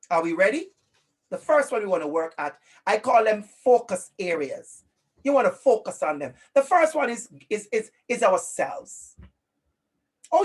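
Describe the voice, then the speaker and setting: Jamaican man, presenter on a video call, fairly high voice, upbeat and encouraging, repeats for emphasis. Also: husky. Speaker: workshop presenter. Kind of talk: interactive online workshop talk.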